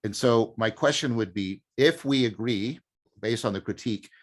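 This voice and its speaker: A man's voice: medium pitch, moderate pace. A man hosting an academic discussion, thinking aloud and searching for his words as he poses a question. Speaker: host.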